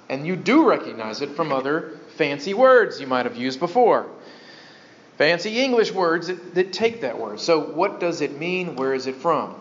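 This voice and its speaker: A man teaching a sermon to a congregation, folksy and animated, with joking asides. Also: fairly high pitch, normal speed. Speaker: pastor. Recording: dull lo-fi sound.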